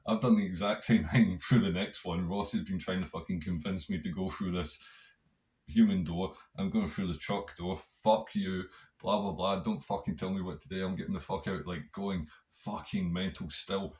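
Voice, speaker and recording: A man's voice: deep voice, fairly even intonation, moderate pace, darkish tone. A man hosting a podcast, telling a rambling story in a casual monologue, swearing constantly. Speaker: podcast host.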